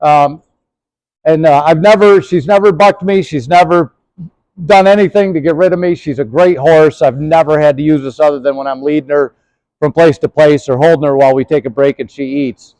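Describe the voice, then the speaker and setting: Brisk and steady, this middle-aged man has a fairly high, slightly mellow voice, captured in a low-quality recording with no echo. He's a historical horse trekking presenter, rambling folksily through a casual demo of his gear outdoors by his horse, with plenty of fillers.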